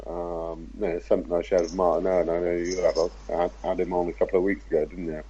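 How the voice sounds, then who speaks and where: Deep, husky laid-back man. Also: level tone, mellow, dull audio. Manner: laid-back, measured, hesitant fillers. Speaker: podcast guest, RC car racer. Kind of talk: casual podcast conversation.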